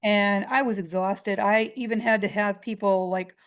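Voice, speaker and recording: A middle-aged woman speaks as a guest, telling a long story in a chatty, conversational way. Her voice is a little hoarse, as if she is losing it, with a mid-range pitch. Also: fairly even intonation, moderate pace. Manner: chatty, retells exchanges with quoted voices. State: losing her voice, clearing throat. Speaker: psychic medium guest. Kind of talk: storytelling in an interview.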